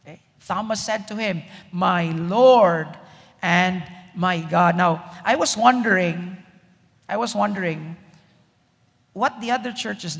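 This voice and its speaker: A man preaching a sermon as pastor, slow and emphatic, checking in with the congregation as he goes. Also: sits high, vocal fry, fairly bright tone, long reverb tail.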